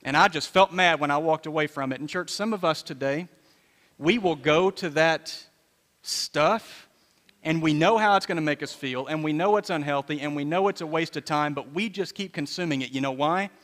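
A man's voice: fairly high pitch, moderate pace, a bit bright. A man in his fifties, a pastor, preaching a sermon in a conversational, storytelling way with repeated phrases. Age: 50s. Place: church sanctuary. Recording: long reverb of a church hall.

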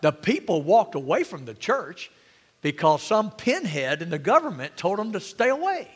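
A man's voice: high voice, big pitch swings, normal speed, slightly rough, big-room sound. A man pastor preaching a sermon in a church, full of rhetorical questions and calls for amen.

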